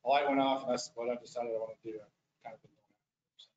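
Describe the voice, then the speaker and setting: A man's voice: mid-range voice, little pitch movement, fast, a little mellow. A man, a restoration practitioner, giving a casual, rambling presentation at a board meeting, with many restarts. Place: meeting room. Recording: echoey muffled meeting room audio.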